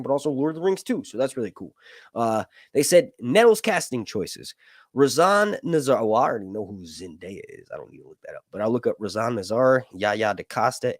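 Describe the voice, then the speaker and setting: A young man hosting a casual live stream, chatting with viewers in a jokey, animated way and swearing casually. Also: mid-range voice, no echo, clean studio sound. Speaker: YouTube host reading viewer chat.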